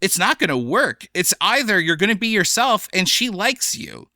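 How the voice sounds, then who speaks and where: A young adult man, a comedian guest on a podcast, talking in an animated, chatty way. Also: high-pitched, normal speed, no echo, clean studio sound. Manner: animated, chatty, slips into playful voices for examples. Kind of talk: casual podcast conversation.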